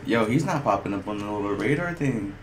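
A man giving casual gameplay commentary, excitable and trash-talking, laughing often and yelling at opponents. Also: lowish voice, a little fast, a little hiss or hum. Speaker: gamer streamer.

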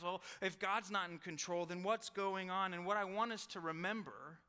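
A young adult man speaking as a college chapel preacher, telling a personal story with self-deprecating humor and quick asides. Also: fairly high pitch, bright, forceful tone. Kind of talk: sermon. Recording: long hall reverb.

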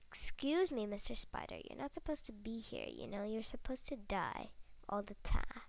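A woman with a high, gravelly voice talks slowly through her gameplay, giggling often and dropping into little whispered asides. The sound is close and dry. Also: animated, no echo. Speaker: gaming video host. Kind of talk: casual gameplay commentary.

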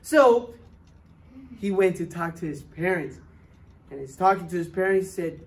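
A woman telling a missionary story to children at church, with animated and dramatic shifts in loudness. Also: on the low side, moderate pace, pauses often.

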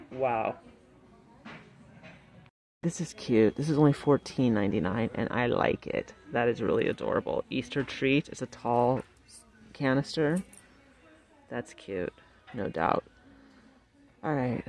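A woman vlogging as she shops in a large store, talking excitedly and chattily about prices on a handheld phone. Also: extremely low pitch. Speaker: shopping vlogger. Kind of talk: casual shop-with-me commentary.

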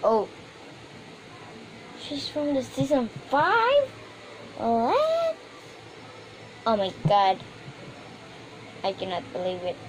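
A woman's voice: mid-range voice, animated, slow, pauses often, darkish tone. A woman casually chatting through a toy unboxing, rambling and hesitant with many fillers. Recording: noisy room background.

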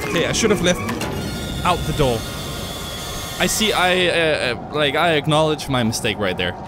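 A man's voice: on the high side, expressive, normal speed. A man commentating a horror game, jumpy and joking, screaming and swearing at every scare. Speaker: gamer. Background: game music.

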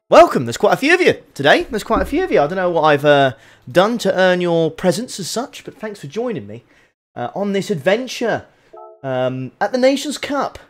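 A man chatting casually to viewers on his sim racing live stream, excitable and repeating his phrases. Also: high voice.

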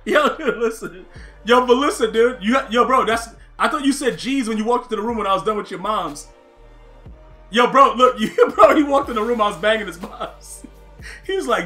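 A man streaming a football video game, laughing a lot and yelling at the plays, with slangy, excitable chatter. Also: high-pitched, a little fast, soft background music. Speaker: gaming streamer. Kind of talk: live game commentary.

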